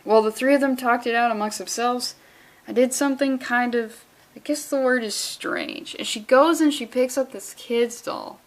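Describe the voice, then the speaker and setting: A woman riffing through a comic book read-along on her vlog. Her voice sits a little high, and her commentary runs sarcastic and profane, with animated tangents. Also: moderate pace.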